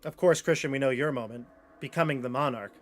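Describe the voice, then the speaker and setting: A man's voice: mid-range voice, fast. A man, the game master and host, casually leading a talk with his players in an upbeat way. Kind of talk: casual chat.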